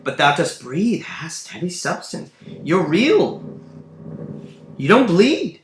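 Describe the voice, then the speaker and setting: A man voicing a young nobleman disguised as a peasant, in a high, loud put-on rustic accent. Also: huge pitch swings, takes it slowly, full character voice. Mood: urgent, exclaiming. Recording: roomy room, faint background hum.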